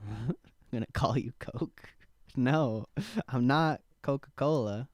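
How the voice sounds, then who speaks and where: Brief: young male stream host, casual and profane, unhurried, dry close mic. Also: medium pitch, dry recording. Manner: laid-back, swears casually, laughs often, talks to chat. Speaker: stock trading livestream host. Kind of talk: casual live-stream chat.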